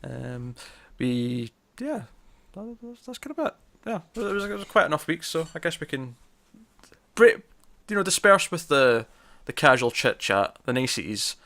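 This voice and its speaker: A man's voice: on the high side, big pitch swings, normal speed, sharp tone. A young man hosting a casual comics podcast, chatty and self-mocking, often stumbling over his words. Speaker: podcast host. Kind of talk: casual chat.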